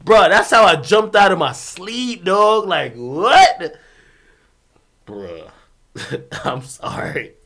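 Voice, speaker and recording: A young man from Jamaica streaming and telling a story in loose, profane casual chat. His voice sits high and bright, and it jumps around wildly. He breaks into laughter and shouts between low asides. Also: extremely slow, pauses often. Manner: animated, swears freely, bursts of laughter, swings from loud to muttered.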